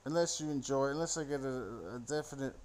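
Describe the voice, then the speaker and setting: A man's voice: mid-range voice, fairly quick, darkish tone. A man rambling into a phone, giving a sardonic, profane running commentary on a film. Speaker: solo commentator.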